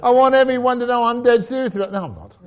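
A high-pitched Australian man delivering a humorous sermon, full of stories and jokes. He is middle-aged, chuckles at his own lines and keeps a chatty, storytelling manner. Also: very fast. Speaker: pastor.

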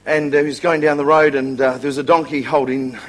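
A man's voice: on the high side, level tone, quick pace, heavy background noise. A man preaching a humorous sermon as a revival preacher, joking and laughing often.

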